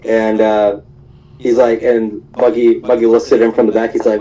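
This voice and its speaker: A man's voice: lowish voice, level tone, normal speed, warm tone, low-quality recording. A young man hosting a show, casually recapping anime episodes in a rambling way full of fillers and small laughs.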